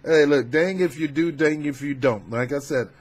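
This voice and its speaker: A man doing a casual political commentary vlog, talking in a fervent, preachy, colloquial way with loud emphatic outbursts. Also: fairly high pitch, moderate pace. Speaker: YouTube commentator.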